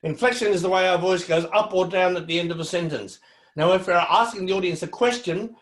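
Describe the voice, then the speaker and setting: A man's voice: high voice, a little fast, fairly bright tone, roomy sound. A man presenting a student seminar in a friendly, encouraging, conversational way.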